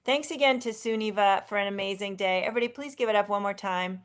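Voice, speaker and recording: A woman's voice: medium pitch, fast talker. A woman hosting a live online sing-along over a video call, effusive and chatty, often restarting her sentences. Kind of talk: casual live-stream hosting.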